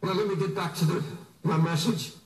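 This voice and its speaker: A man's voice: high voice, steady tone, a little fast. Male preacher, fiery, rhetorical questions, reverberant church, set back from the mic. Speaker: minister. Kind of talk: fiery sermon. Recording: roomy, mic at a distance.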